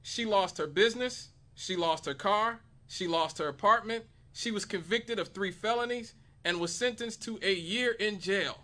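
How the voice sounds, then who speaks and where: A man with a fairly high, bright voice hosts a talk radio segment. He talks emphatically, stacking points and rhetorical questions to argue his case. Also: normal speed, few pauses. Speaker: radio host.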